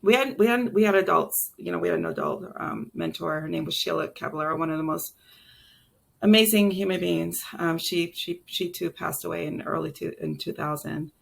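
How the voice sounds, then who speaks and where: A woman in her late forties speaking as an interview guest, her voice low and heavily gravelly with vocal fry. She talks candidly and reflectively, circling back with fillers and restarts as she recounts her past. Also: moderate pace, slight background noise. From Brooklyn and South Carolina. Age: late 40s. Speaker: guest chef and entrepreneur. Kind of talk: casual interview storytelling.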